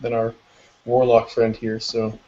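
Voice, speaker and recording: A man playing a tabletop game, talking quickly and stumbling over his words, a little off-mic on a muffled lo-fi recording. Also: medium pitch, monotone, dark tone. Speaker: player. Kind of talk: casual tabletop game chat.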